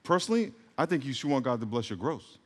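A man's voice: medium pitch, big pitch swings, fast talker, husky. A middle-aged man preaching a sermon as a pastor, joking in rambling asides and calling for responses from the congregation. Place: church sanctuary. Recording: reverberant hall.

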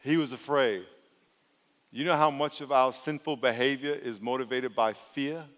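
A male pastor preaching an animated sermon in a church, calling on the congregation to answer back. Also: medium pitch, moderate pace. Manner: animated, calls for congregation responses. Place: church sanctuary. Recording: long hall reverb.

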